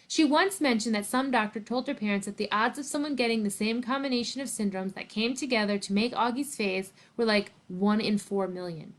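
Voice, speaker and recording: A woman's voice: medium pitch, animated, a little fast, few pauses. Woman principal reading a novel aloud.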